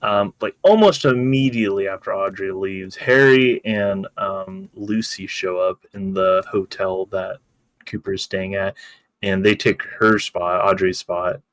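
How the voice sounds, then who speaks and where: Man, podcast co-host, low pitch, dry close mic, casual joking recap. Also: measured pace, no room sound. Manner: joking, profane, loose.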